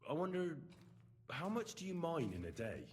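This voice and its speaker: A man's voice: a little high, huge pitch swings, normal speed. An actor playing a polite, curious young man who questions miners in a video game. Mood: inquisitive. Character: curious young male student, polite and earnest.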